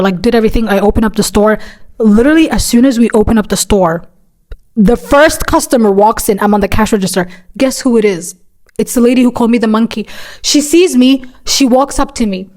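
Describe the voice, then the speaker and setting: A young woman telling a story in a casual vlog, chatty and animated, with plenty of fillers and casual swearing. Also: mid-range voice. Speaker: vlogger.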